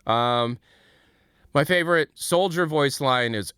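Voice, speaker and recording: A man's voice: medium pitch, moderate pace, bright, forceful tone, smooth, no room sound, clean studio sound. A man from the United States chatting casually on a live stream, rambling and joking as he reads chat and donations aloud. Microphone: desk mic.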